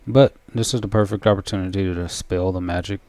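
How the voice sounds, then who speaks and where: A man talks through his turns in a video game, relaxed and thinking aloud as he plays. His voice is low and mellow, and the recording is dry and close to the mic. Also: fast, no echo. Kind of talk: casual gameplay commentary.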